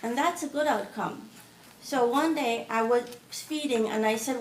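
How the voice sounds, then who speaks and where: A woman giving an earnest public comment at a city meeting, recounting events and quoting others in quick, pleading bursts. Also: on the high side, a little hiss or hum. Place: city commission chamber. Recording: roomy chamber audio, distant mic.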